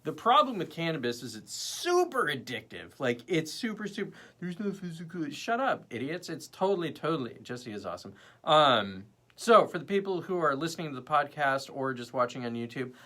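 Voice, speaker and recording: A young man hosting a casual livestream, rambling between topics and chatting with viewers in the comments. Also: a little high. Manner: rambling, animated, jumps between topics and chat. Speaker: livestream host.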